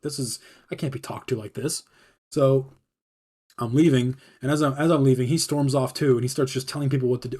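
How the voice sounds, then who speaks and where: Male streamer, quick husky delivery, animated storyteller voicing everyone he quotes. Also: medium pitch. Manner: fast, animated retelling with quoted dialogue. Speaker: podcast host telling a personal story. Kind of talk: casual storytelling monologue.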